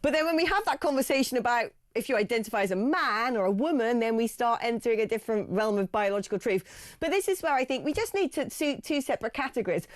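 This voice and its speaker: Woman radio host from Gloucester, chatty, fairly high voice, close and dry. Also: lively intonation, no echo. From Gloucester, England. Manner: chatty, quick reactions, reads out texts. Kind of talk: phone-in radio chat. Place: radio studio.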